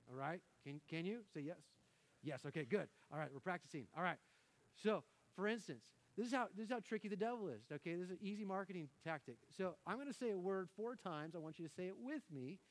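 A man, a pastor, preaching a sermon in an animated way, breaking off with laughs and quick restarts. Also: fairly high pitch. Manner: animated, laughing often, self-interrupting with restarts.

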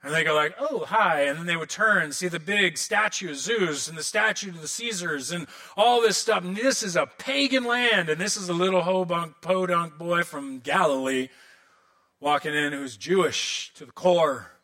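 Bright, high-voiced man preaching a sermon. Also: moderate pace. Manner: animated storytelling with comic asides. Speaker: pastor.

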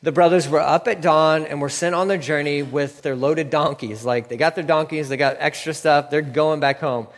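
A man's voice: a little high, fairly even intonation, normal speed, hardly any pauses, in a large hall. A man preaching a sermon, reading scripture aloud and breaking off into casual, emphatic asides that repeat key points. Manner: conversational asides, emphatic repetition.

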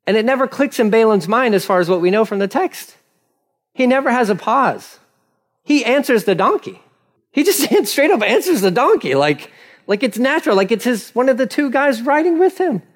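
A male pastor giving an animated, conversational sermon with frequent laughter. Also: very high-pitched, moderate pace. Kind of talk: casual sermon.

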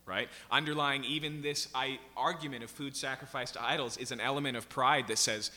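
A man preaching a verse-by-verse sermon, his voice piercingly bright and forceful. He presses each point and keeps turning to the congregation with "right?" and "okay?". The sound rings with the long reverb of a large church hall. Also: mid-range voice, fairly quick, hardly any pauses. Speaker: pastor. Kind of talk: expository sermon.

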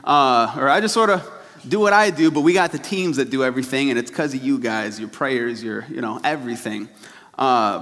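A man's voice: fairly high pitch, a bit bright. A young man, a youth pastor, preaching a sermon in a church in a casual, laughing storytelling way. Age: young adult. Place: church sanctuary. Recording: hall reverb.

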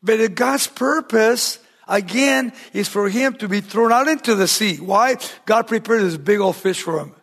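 A male pastor preaching a verse-by-verse sermon, emphatic and swinging between loud and hushed, often asking his listeners rhetorical questions. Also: sits high, measured pace, few pauses. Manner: asks the congregation rhetorical questions.

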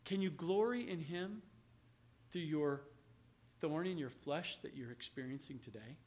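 A man preaching a sermon as pastor, swinging from loud, emphatic lines to hushed, low passages and slowing to stress key words. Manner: acts out quoted voices, slows on key words.

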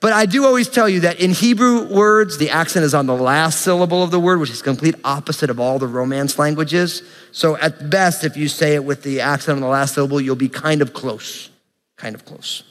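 A young pastor with a somewhat high voice preaches earnestly, mixing scripture reading with casual asides. His voice rings with the long reverb of a church sanctuary. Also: a little fast, hardly any pauses, fairly bright tone. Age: young adult. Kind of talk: sermon.

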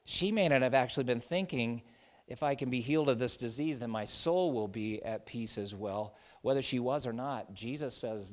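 Preacher swinging from hush to loud emphasis. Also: male voice, expressive, moderate pace. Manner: swings from hushed tender lows to loud emphatic peaks. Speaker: pastor. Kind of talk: expository sermon.

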